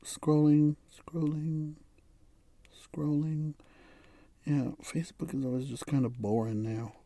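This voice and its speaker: A man's voice: mid-range voice, darkish tone, no room sound, clean studio sound. An American man hosting his own podcast, rambling casually with sarcastic asides and frequent laughs. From United States. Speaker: podcast host. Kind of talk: casual solo podcast monologue.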